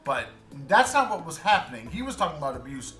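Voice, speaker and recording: Man, podcast co-host, casual chat, earnest, bright tone, roomy echo. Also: a little high, big pitch swings, quick pace, soft background music. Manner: earnest, searching for words with restarts.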